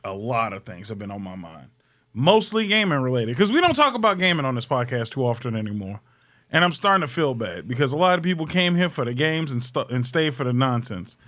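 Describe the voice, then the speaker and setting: Very animated and fairly quick, this podcast host has a mid-range voice with a sharp tone. He runs a casual comedy show, riffing through profane, joking rants.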